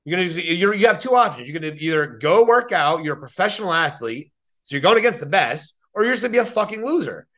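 Man in his thirties, podcast host, bright sharp voice, fairly high, blunt and profane. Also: expressive, fast talker. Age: 30s. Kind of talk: casual podcast conversation.

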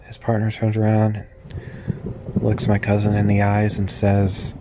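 A man slowly narrating a spooky true story, drawn out and hushed at moments. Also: fairly low pitch, completely flat delivery, noisy background.

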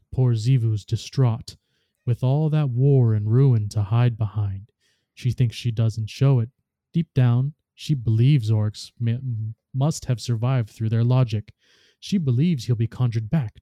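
A man's voice: mid-range voice, warm tone, no room sound, close to an everyday voice. A man reading as a scheming ancient witch goddess. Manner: measured, reflective reading.

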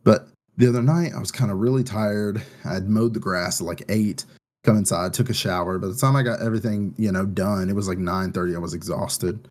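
A man with a somewhat low voice co-hosts a casual podcast. He talks loosely, stringing thoughts together with lots of "like" and "um." An anxious undercurrent runs through the easygoing chat. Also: steady tone, a little fast, darkish tone. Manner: rambling, full of "like" and "um". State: anxious about his first baby. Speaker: podcast co-host.

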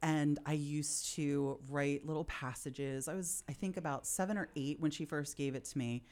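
A woman in her forties with a low, slightly mellow voice speaks at a moderate pace with fairly even intonation. As a podcast guest in a candid interview, she tells childhood stories in a heartfelt, reflective way, openly emotional at times.

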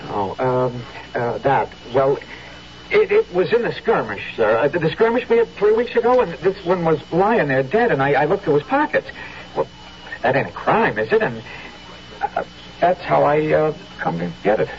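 An actor playing a nervous, stammering young colonial soldier in a 1970s radio drama, from a dull old broadcast recording. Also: male voice, fairly high pitch, sing-song, normal speed, a little hiss or hum. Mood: evasive.

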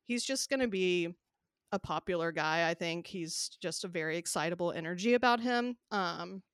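Bright, lively young mom co-host. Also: female voice, lowish voice, normal speed, smooth, no room sound, clean studio sound. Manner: animated, laughing storyteller. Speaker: podcast co-host. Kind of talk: casual chat.

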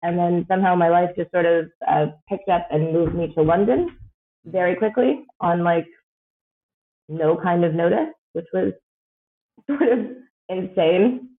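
On a tinny phone-style line, a Canadian woman in her thirties, a guest on a podcast, chats in an unhurried voice on the low side. Her casual talk drifts along with lots of fillers and regular bursts of laughter.

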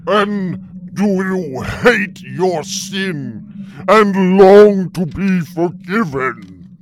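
A man voicing a towering scaly sea-creature bishop who preaches slowly and solemnly. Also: sits high, expressive, exaggerated voice. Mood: solemn preaching. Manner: slow, solemn, preaching in Latin.

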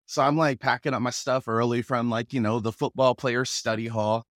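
A man from the Pacific Northwest, a guest telling stories in a relaxed, casual way, often chuckling. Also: mid-range voice, normal speed, no echo, clean studio sound. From Pacific Northwest, USA. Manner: relaxed, chuckles often, acts out quoted voices. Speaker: guest, rapper and actor. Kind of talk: casual conversational storytelling.

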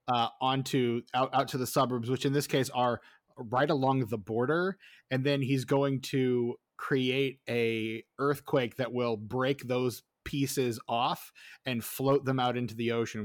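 A man's voice: medium pitch, no echo. Rambling man explaining in a dry, close sound. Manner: rambling explainer with many restarts and fillers. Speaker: podcast co-host. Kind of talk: casual chat.

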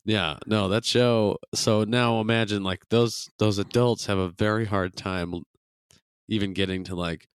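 Low smooth-voiced man, laid-back podcast chat. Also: fairly even intonation, measured pace, dry recording. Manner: laid-back, laughs often, swears casually. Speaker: podcast co-host. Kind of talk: casual chat.

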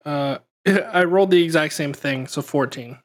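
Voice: medium pitch, moderate pace. A player in a tabletop game who thinks aloud and hesitates while planning moves.

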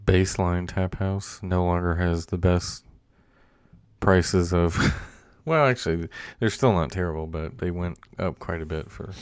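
A man co-hosting a podcast, joking around and chiming in with quick remarks. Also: low-pitched, smooth, no echo. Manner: jokey, quick interjections. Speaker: podcast co-host. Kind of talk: casual podcast chat.

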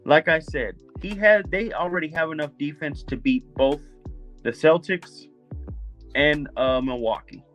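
A man with a voice pitched a little above average argues basketball with total confidence. He presses his point again and again in a casual podcast debate. A faint music bed sits underneath. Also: a little slow, fairly bright tone. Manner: insistent, confident. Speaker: podcast co-host.

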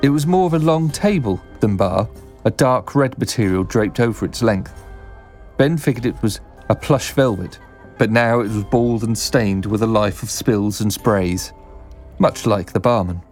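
A man reading a fantasy story aloud in a steady, descriptive storybook narration. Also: lowish voice, moderate pace, faint music behind.

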